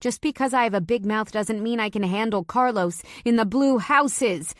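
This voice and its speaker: A woman voicing an outraged young wife who shouts her words in a heated, raised voice. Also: on the high side, normal speed, no echo, studio quality, pitched above the performer's own voice, close to an everyday voice.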